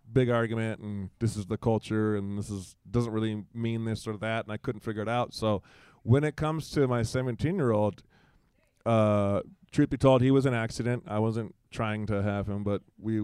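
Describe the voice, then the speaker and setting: A man's voice: lowish voice, a little mellow, clean tone, no echo, clean studio sound. A man in his forties, a guest in a casual conversation, telling a personal story and acting out quoted dialogue in livelier voices, with frequent restarts.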